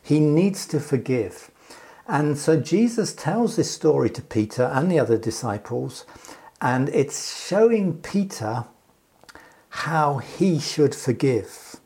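A man preaching a sermon in a measured, unhurried way, pausing and restarting as he explains a scripture passage. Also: on the high side, big pitch swings, a little mellow.

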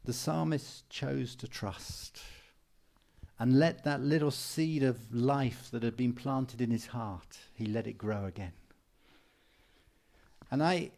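A man's voice: mid-range voice, slow pace, vocal fry, pauses often, darkish tone. A man preaching a sermon in an earnest, encouraging way, repeating phrases for emphasis. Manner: mimics people for humor with raised voice.

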